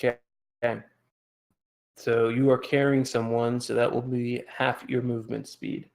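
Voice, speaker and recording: A man running a tabletop game as game master, giving relaxed rulings with a dry chuckle. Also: medium pitch, unhurried, vocal fry.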